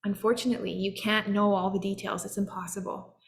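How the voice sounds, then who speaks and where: An earnest, encouraging woman in her thirties speaks as a self-help coach. Her middling voice carries a gravelly, creaky texture. She talks straight to the listener in a motivational style. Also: medium pitch, level tone, brisk. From Canada. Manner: earnest, encouraging, acts out short quoted voices. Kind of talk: motivational talk.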